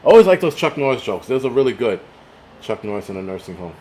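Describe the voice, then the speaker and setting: A man's voice: mid-range voice, big pitch swings, quick pace, mellow. A middle-aged man hosting a live stream, ranting profanely and reading chat comments aloud, a little tipsy from liquor. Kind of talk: casual live stream rant.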